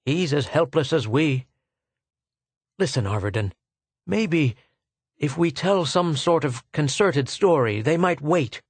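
A man's voice: fairly high pitch, animated, slow, long pauses, husky, no echo, voice pushed up, heavily acted. A man voicing a frail older male scientist who speaks in a feeble, wondering way, recorded dry. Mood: anxious.

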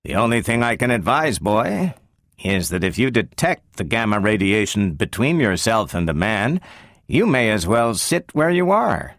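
A man reading the part of a brisk male scientist who questions a robot in a probing, sometimes sharp way. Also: fairly low pitch, big pitch swings, no room sound, clean studio sound, voice pushed up.

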